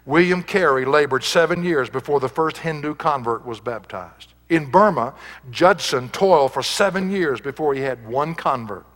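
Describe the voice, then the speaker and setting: A man's voice: on the high side, animated, normal speed, a bit bright, big-room sound. A male pastor preaching a sermon, reading scripture aloud and building to emphatic peaks.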